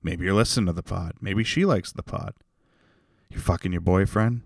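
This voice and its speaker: A young man hosting a solo comedy podcast, ranting in an unhinged way that swings from creepy whispers to loud outbursts. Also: sits low, moderate pace, gravelly, no echo, studio quality. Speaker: podcast host.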